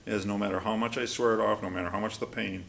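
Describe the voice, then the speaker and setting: A man's voice: lowish voice, fast, gravelly, a little hiss or hum. A man leading a recovery study class, talking casually and animatedly, acting out quotes as he goes. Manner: conversational, animated, acts out quotes. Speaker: class leader.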